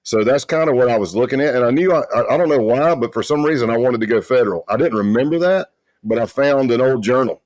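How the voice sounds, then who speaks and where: A man's voice: mid-range voice, fast, dry recording. Boisterous middle-aged man telling stories. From South Carolina. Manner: loud and boisterous, brash. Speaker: guest, retired FBI agent. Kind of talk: casual interview storytelling.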